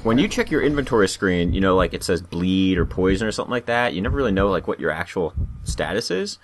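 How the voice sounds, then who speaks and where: A man's voice: low voice, lively intonation, quick pace, a little hiss or hum. A young man co-hosting a let's play, teasing his partner and explaining the game mechanics in casual commentary. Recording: game music behind.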